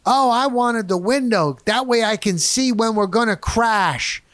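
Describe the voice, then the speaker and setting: A man voicing a tactless middle-aged woman passenger in a mocking, raised-pitch imitation. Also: unhurried, fairly bright tone, no echo.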